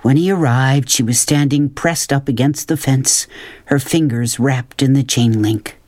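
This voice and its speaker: Woman, storyteller, reading aloud, expressive, close dry mic. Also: very deep voice, measured pace, dry recording. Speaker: host and storyteller. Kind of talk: reading a children's book aloud.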